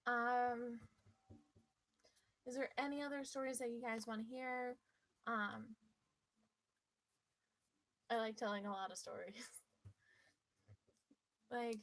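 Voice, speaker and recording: A woman telling a personal story to her viewers in a lively, playful, mischievous way. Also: medium pitch, low-quality recording. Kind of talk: casual storytelling.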